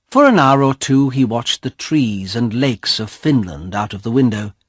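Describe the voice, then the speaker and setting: A man reading a graded-reader story aloud as narrator, slowly and carefully. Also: medium pitch, very animated, breathy edge, no echo, studio quality.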